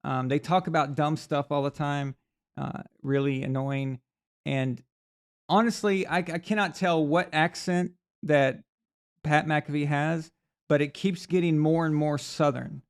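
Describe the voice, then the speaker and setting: Hosting a live sports talk stream, a man rambles through opinions, often restarting and leaning on fillers. He speaks into a desk mic on camera in a slightly high, clean voice with a steady tone and measured pace.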